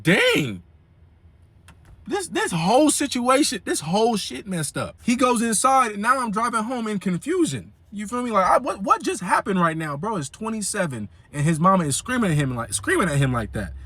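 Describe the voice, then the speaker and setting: A young man tells a story to the camera in a high, lively voice full of slang and fillers. His pitch bounces around constantly, and the sound is close and dry. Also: normal speed, husky, no echo. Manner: animated, slangy, frequent fillers. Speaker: vlogger. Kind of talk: casual storytelling.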